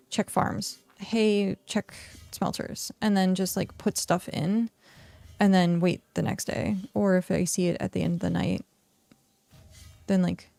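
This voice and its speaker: A woman's voice: mid-range voice, vocal fry, a little mellow, no room sound. A woman streaming a game, chatting casually and thinking aloud with lots of fillers and trailing sentences. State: hiccuping and yawning. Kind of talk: casual streaming chat while playing.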